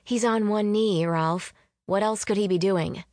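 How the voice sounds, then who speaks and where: A woman voicing a lively, teasing young woman. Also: mid-range voice, measured pace, dry recording, clean studio sound, close to an everyday voice. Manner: playful, bright and raised. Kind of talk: audiobook character voice.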